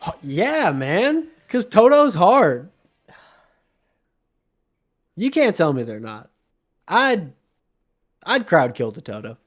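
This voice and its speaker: Man, young adult, podcast co-host, casual banter, excitable, laughs often. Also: sits high, slow, long pauses. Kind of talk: casual chat.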